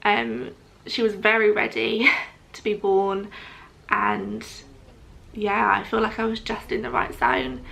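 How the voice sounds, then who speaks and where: A woman's voice: fairly high pitch, vocal fry, pushed and bright. A young adult woman telling a personal story to camera in a chatty, casual way, with frequent ums, often quoting what others said. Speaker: vlogger.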